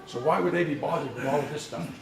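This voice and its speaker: A fast-talking man with a fairly high, creaky voice presents a language workshop as the instructor in a conference session room. He tells his explanations in a casual, storytelling manner and restarts often. Captured from a distance, the audio has room echo and faint noise.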